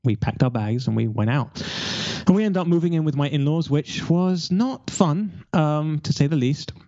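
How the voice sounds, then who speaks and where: A man's voice: a little high, a little fast, dark tone, no echo, highs cut off. A man in his forties from London, telling his life story candidly over a remote call, rambling with restarts. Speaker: guest.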